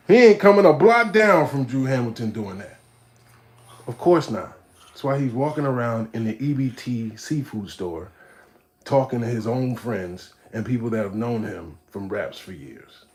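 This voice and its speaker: At a measured pace, a man hosting a casual live stream reacts to a video and speaks straight to his chat in street slang. He's animated and mocking, dipping into low mutters before bursting out loudly.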